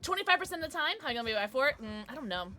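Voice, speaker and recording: A woman's voice: sits high, very fast. A young woman livestreaming a game, chatting casually with her viewers and shrieking when she gets startled. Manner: excitable, shrieks at sudden scares, then chatty and apologetic. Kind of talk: live gameplay commentary chatting with viewers.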